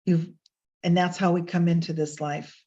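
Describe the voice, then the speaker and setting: Her voice is fairly low and warm, delivered flatly at a moderate pace. On a webcam video call, this woman hosts a casual online session of reflection and readings, rambling chattily with fillers and restarts, the audio slightly dull and lo-fi.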